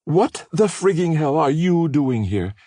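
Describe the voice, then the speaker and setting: A frightened young society woman with a Philadelphia Main Line accent pleads and snaps back defensively, as a man pitches his voice up to play her. The voice sits high above his own and stays husky, recorded close and dry with no room around it. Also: big pitch swings, unhurried, dark tone, no room sound.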